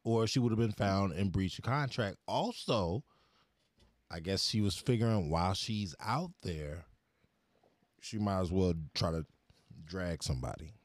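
A man's voice: sits low, a little slow, no echo. A man hosting a podcast in casual chat, laid-back and slangy, with some hesitations. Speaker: podcast host.

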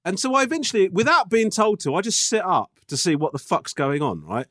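A man's voice: high voice, big pitch swings, brisk, fairly bright tone, no echo, studio quality. A man co-hosting a casual podcast, telling a story, swearing and laughing often. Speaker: podcast co-host.

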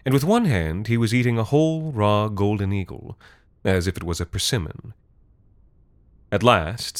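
Deep-voiced man reading a story, deadpan. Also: dry recording. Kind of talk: scripted narration.

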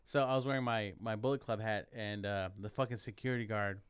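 Joking, smooth-voiced podcast host. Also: male voice, lowish voice, fairly quick, dry recording. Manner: loud, joking, swears freely, animated storyteller. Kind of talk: casual podcast chat.

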